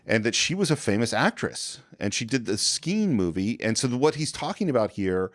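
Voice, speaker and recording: A podcast co-host chats casually, retelling film scenes and slipping into the characters' lines. His mid-range voice swings widely in pitch at a moderate pace, on a dry, studio-quality recording.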